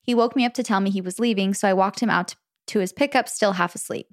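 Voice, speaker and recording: A woman's voice: mid-range voice, fast, no echo, studio quality. Chatty young woman co-hosting a podcast. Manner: chatty, laughs often, animated storytelling. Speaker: podcast co-host. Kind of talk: casual chat, reading a listener letter.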